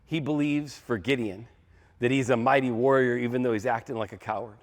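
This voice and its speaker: A man's voice: medium pitch, steady tone, a little fast. A male pastor preaching a sermon in a conversational, emphatic style, repeating key phrases for effect.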